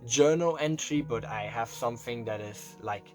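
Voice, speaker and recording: Young man, confessional vlog monologue, emotional and rambling, near tears, soft music underneath. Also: medium pitch, normal speed. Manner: rambling and emotional, heavy on fillers and swearing. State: close to tears. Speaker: vlogger. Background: faint background music.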